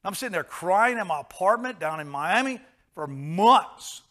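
Male preacher, slightly high-pitched, dynamic sermon delivery, hushed to loud, repetitive emphasis. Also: animated, normal speed. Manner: swings between hushed and loud, repeats phrases for emphasis.

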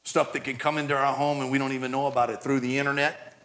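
A man preaching a sermon, animated and climbing toward near shouting at high points, with many repeated and restarted words. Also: fast talker, slight background noise. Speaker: pastor.

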